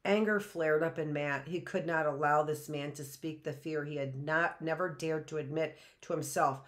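A woman teacher reading a children's story aloud, slow and deliberate. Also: sits low.

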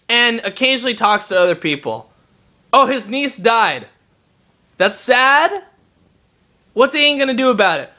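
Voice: medium pitch, moderate pace. A young adult video game reviewer giving a profane, exasperated, emphatic rant about a game. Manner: animated, emphatic delivery.

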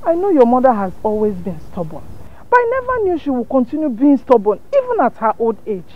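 An actress playing a firm but kind aunt figure who soothes and scolds. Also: female voice, on the high side, wildly swooping pitch, brisk, phone-quality sound. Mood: soothing. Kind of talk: film drama.

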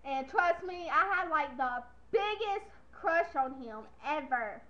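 A woman's voice: sits high, lively intonation, takes it slowly, fairly bright tone. A young woman vlogging casually to camera, chatty and giggly, rambling from one thing to the next, on lo-fi webcam audio.

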